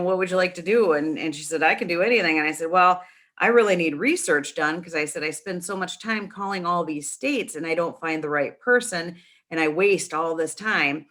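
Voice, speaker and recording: Bright-voiced woman telling a lively story. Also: on the low side. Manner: chatty, animated storytelling with many restarts. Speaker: guest, nonprofit founder. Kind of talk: casual storytelling in an interview.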